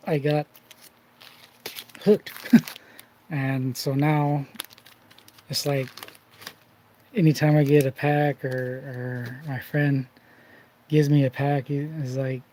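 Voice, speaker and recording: Male host, casual off-the-cuff chat, mellow tone, meandering anecdotes, a faint hiss under the voice. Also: on the high side, flat delivery, slow, long pauses, rough recording. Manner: rambling anecdotal storytelling with restarts. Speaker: card collecting channel host. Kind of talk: casual behind-the-scenes chat.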